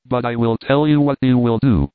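A man's voice: mid-range voice, fairly even intonation, normal speed, clean tone, dry recording, lightly acted. A man doing a scoffing young vagabond thief. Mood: bossy. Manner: bullying, scoffing. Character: rough young male vagabond thief, scheming and mocking. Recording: dry, phone-like narrow sound.

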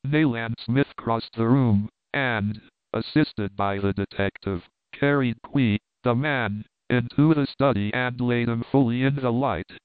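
A man giving a scripted, even narration of a mystery novel as an audiobook. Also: mid-range voice, a little slow, smooth, no room sound. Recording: dry, tinny narrow-band audio.

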